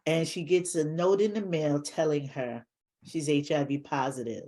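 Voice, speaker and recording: A woman hosts a talk show with an upbeat, direct way of speaking to her viewers. Her voice sits a little low for a woman and carries easily. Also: moderate pace, warm tone.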